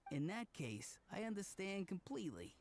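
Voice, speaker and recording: A New York mobster crook. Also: male voice, high-pitched, very animated, normal speed, noisy background. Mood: mock-menacing. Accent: New York Italian-American. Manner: theatrical tough-guy talk. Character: small-time crook putting on a mobster act. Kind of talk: game voice acting.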